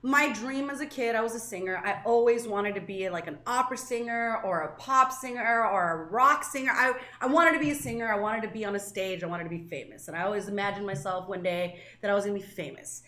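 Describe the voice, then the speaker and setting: A woman's voice: medium pitch, quick pace, few pauses, bright, forceful tone, roomy sound. A woman in her thirties from Southern California, co-hosting a casual podcast and talking candidly, with lots of fillers and restarts. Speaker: co-host.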